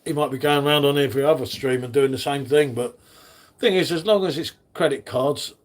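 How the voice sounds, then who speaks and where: Matey guy chatting to his stream, slightly high voice. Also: fairly quick. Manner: chatty, matey, talks to chat readers by name. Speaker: live stream host. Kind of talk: casual live stream chat.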